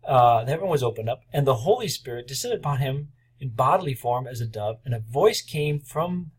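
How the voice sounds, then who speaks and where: Husky man lecturing a class. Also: mid-range voice, expressive, fairly quick. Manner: conversational, acts out quoted voices, many fillers. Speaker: seminary lecturer.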